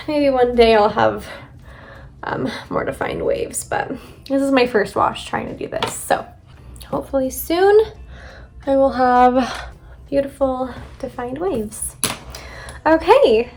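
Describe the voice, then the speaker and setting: A woman's voice: high-pitched, gravelly, darkish tone. A young woman vlogger chatting casually to her viewers while doing her makeup and hair. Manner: chatty, talks to viewers as "you guys". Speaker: beauty vlogger. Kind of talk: casual get-ready-with-me chat.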